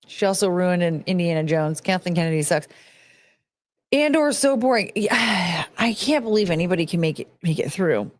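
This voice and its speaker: A woman's voice: on the low side, expressive, normal speed, dry recording. A woman hosting a podcast, ranting bluntly and casually, swearing and restarting her sentences. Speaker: podcast host. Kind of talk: casual opinionated rant.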